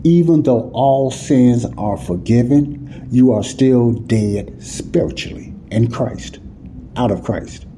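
A man's voice: medium pitch, slow, mellow, a little hiss or hum. A man teaching the Bible in a sermon, talking informally and often checking "you see what I'm saying?". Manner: informal, nonstandard grammar.

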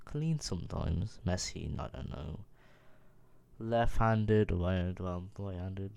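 A man's voice: sits low, unhurried, gravelly, warm tone. A young man casually reading questions aloud and answering them himself in an offhand, mumbling way. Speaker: vlogger. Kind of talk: casual Q&A vlog.

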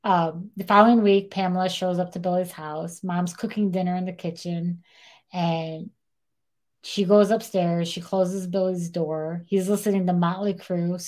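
A woman's voice: on the low side, a little slow. A young woman hosting a podcast, retelling a true-crime story in a casual chatty way and acting out the quoted lines. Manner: animated, acts out quotes in dialogue, says "like" a lot. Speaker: podcast co-host.

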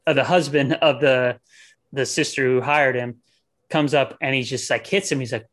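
A man's voice: medium pitch, fairly even intonation, normal speed, fairly bright tone. A man co-hosting a podcast, chatting casually about a film, laid-back and laughing often as he retells scenes. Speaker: podcast co-host.

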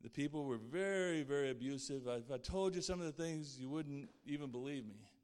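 A man's voice: mid-range voice, animated, fairly quick, darkish tone. Earnest man's testimony in a reverberant hall. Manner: earnest and heartfelt, speaking of faith. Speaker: guest speaker sharing his testimony. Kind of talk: personal faith testimony.

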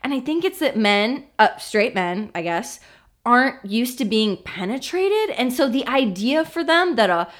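A woman's voice: fairly high pitch, very animated, measured pace. A woman from Florida co-hosting a podcast, chatting casually and rambling playfully through her stories. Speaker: podcast co-host. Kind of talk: casual banter. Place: in New York.

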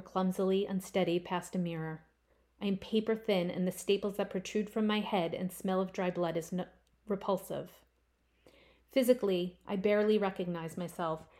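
A woman reading her own first-person short story aloud, with expressive swells on key phrases. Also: medium pitch.

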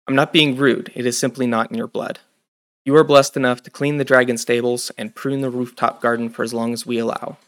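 A man's voice: mid-range voice, little pitch movement, brisk, a bit bright, natural voice. A man voices an older male sage who speaks in clipped, stern warnings. He is cold and strict with a child in this storybook scene.

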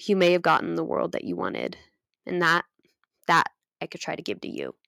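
Woman reading out a bitter young wizard guy, low gravelly voice, dry sound. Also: huge pitch swings, moderate pace, sharp tone, no echo, heavily acted.

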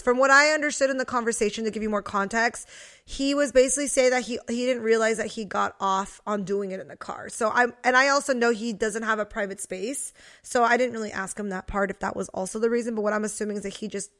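A woman's voice: fairly high pitch, steady tone, quick pace, a bit bright. A woman co-hosting a podcast in casual chat, candid and chatty, now and then reading a listener's message aloud. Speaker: podcast co-host.

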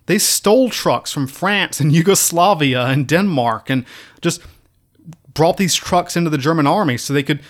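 A man's voice: a little high, expressive, normal speed. A man hosting a casual history talk, emphatic, repeating key words for stress and slipping in mocking asides. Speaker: history video host.

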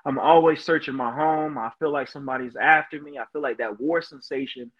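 A man's voice: fairly high pitch, brisk, dull audio. A man, a veteran, telling his personal story in an earnest, emotional way as a podcast guest, often saying "you know". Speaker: guest, Marine veteran and motivational speaker.

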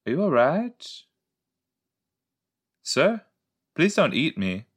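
A man's voice: fairly high pitch, very animated, slow, slightly rough, voice pushed up, heavily acted. A timid bystander speaks in a raised, nervous voice, as a man puts him on. The pleading tone rises and falls widely. The delivery sounds jittery and uneasy.

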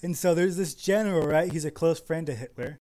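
A young man co-hosting a comedy podcast, rambling through a film pitch with many fillers and laughs. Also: fairly quick, dark tone. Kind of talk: casual improvised comedy chat.

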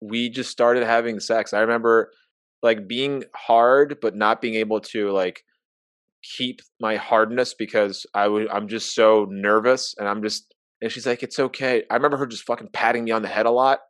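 A man's voice: fairly low pitch, steady tone, normal speed, a bit bright, no room sound. A young man telling an embarrassing personal story in casual chat, candid and self-mocking, acting out the dialogue.

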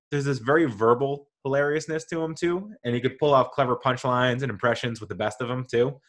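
A man hosting a podcast, talking casually and enthusiastically, rambling and correcting himself as he goes. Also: medium pitch. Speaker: podcast host. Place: home with dogs nearby.

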